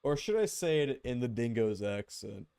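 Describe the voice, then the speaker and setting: Male streamer, middle pitch, lively delivery, casual and jokey. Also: moderate pace, gravelly, clear, resonant tone, dry recording. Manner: joking, animated, swears casually. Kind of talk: casual gameplay commentary.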